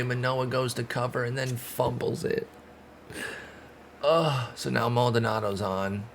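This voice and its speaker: A man streaming a baseball management game, calling the plays casually and swinging from calm calls to loud groans and outbursts. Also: mid-range voice, a little slow, pauses often, slight background noise. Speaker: gaming streamer. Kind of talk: casual play-by-play of a baseball sim.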